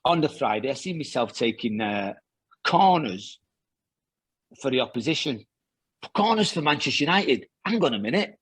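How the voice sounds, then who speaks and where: A former footballer tells long, wandering stories, doubling back with fillers and restarts. His voice is husky with a slightly breathy edge. The sound is dry and close. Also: medium pitch, sing-song, normal speed, pauses often, a bit bright, no room sound. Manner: rambling anecdotes with many restarts and fillers. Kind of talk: casual storytelling interview.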